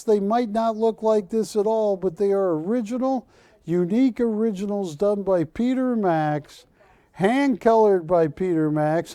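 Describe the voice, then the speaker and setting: A man hosting a live shopping channel, pitching art to callers with persuasive repetition. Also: mellow, no echo. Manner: persuasive, repeats words for emphasis. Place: TV studio.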